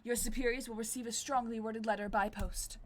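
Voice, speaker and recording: A woman's voice: on the high side, fairly even intonation, a little fast, a little hiss or hum, lightly acted. A woman voicing a pompous, overly formal man obsessed with Victorian fashion in a dating game playthrough. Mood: haughty. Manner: haughty, theatrical, overly formal.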